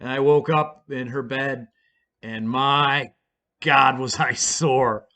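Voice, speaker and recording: Guy rambling through a rowdy story, swears a lot, bright forceful voice. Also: fairly high pitch, steady tone, slow. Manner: rambling and profane, with many fillers. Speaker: storyteller vlogger. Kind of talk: casual storytelling.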